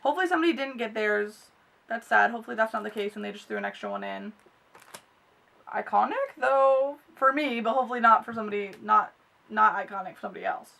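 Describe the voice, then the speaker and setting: A young woman unboxing makeup in a vlog, gushing and excitable with gasps and squeals. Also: a little high, quick pace, creaky, far from the mic. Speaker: beauty vlogger.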